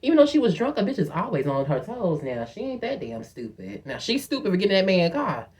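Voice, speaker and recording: A young woman tells a story in a casual vlog. She is animated and profane, and she acts out quotes in a higher voice. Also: fast talker. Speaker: vlogger telling a story.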